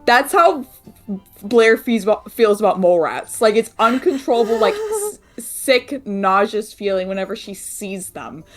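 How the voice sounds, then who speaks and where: A woman's voice: mid-range voice, sing-song, unhurried, soft background music. A woman playing in a tabletop game, chatting casually with lots of fillers. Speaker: player.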